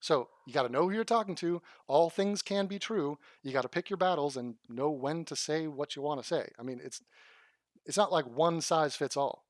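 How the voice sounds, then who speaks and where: Brief: male commentator, sarcastic and profane, slightly high voice, dry close sound. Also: moderate pace, no room sound. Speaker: commentator reacting to video clips. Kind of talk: combative commentary.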